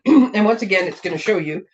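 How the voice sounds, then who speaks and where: Chatty hoarse woman demoing crafts. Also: medium pitch, animated, moderate pace, a little hiss or hum. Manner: chatty, rambling, self-interrupting. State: slightly hoarse, clearing her throat. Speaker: craft demonstrator and show host. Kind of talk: casual card-making demo. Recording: dull lo-fi recording.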